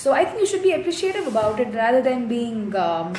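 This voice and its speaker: Young woman with a fairly high voice, reading fans' comments aloud and answering them in easy casual chat; the sound is roomy. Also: very animated, very fast, darkish tone. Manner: reads out fan comments and replies chattily. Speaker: actress answering fans. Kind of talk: casual live fan Q&A. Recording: roomy echo, faint noise.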